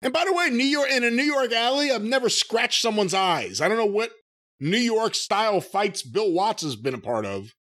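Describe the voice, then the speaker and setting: High, lively man joking on a podcast. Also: moderate pace. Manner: joking, laughs often. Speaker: wrestling podcast co-host. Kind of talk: casual chat about wrestling.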